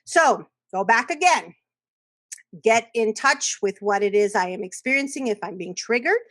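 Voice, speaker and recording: A middle-aged woman educator giving a workshop talk on children's emotions, animated and acting out little voices with laughs. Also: fairly high pitch, normal speed, no echo.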